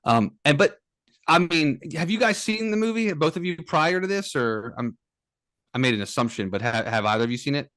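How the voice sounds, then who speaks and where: A man's voice: on the high side, expressive, a bit bright, dry recording. A man hosting a casual film podcast, speaking hesitantly with many fillers. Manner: hesitant, halting, full of fillers. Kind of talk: casual film review chat.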